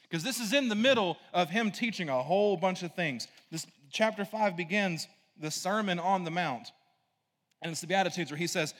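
A man's voice: high-pitched, normal speed, a bit bright, long reverb tail. A man preaching a conversational sermon, casual and rambling, full of asides and "right?" checks to the congregation. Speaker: pastor.

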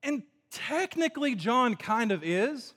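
A man's voice: very high voice, sing-song, measured pace, fairly bright tone, breathy edge. A man preaching a casual, conversational sermon as a youth pastor, chatty and full of fillers, asking his audience questions. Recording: echoey hall.

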